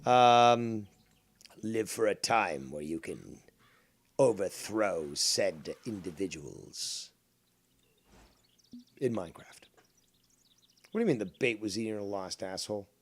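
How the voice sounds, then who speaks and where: A man's voice: on the low side, expressive, slow, long pauses. Rambling profane man streaming. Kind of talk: casual live-stream chat while gaming.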